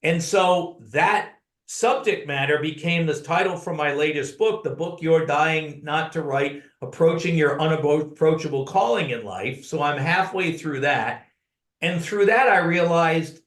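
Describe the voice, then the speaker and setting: An earnest man telling personal stories as an interview guest. His voice sits a little high for a man. He is recorded in a roomy, echoey space. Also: expressive, moderate pace, a bit bright. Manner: earnest storyteller who addresses the host by name. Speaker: podcast guest, author. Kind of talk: conversational storytelling.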